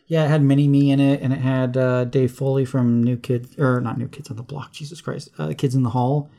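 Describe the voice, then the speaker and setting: A man's voice: mid-range voice, little pitch movement, a little fast, gravelly, warm tone. A man co-hosting a movie podcast, rambling and catching himself mixing up names. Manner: rambling, trips over names and corrects himself. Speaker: podcast co-host. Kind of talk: casual chat.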